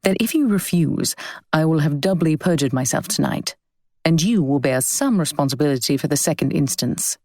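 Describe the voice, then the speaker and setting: A woman voicing a teasing young gentleman. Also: sits low, expressive, moderate pace, no echo. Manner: dry, mock-formal banter.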